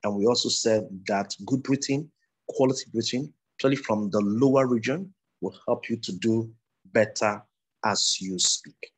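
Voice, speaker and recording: A man with a Nigerian English accent gives a public speaking lesson in a husky, slightly breathy voice at an ordinary middle pitch. He explains in a loose, digressive way, restarting sentences as he goes. It sounds like a recorded lecture. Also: normal speed, rough recording.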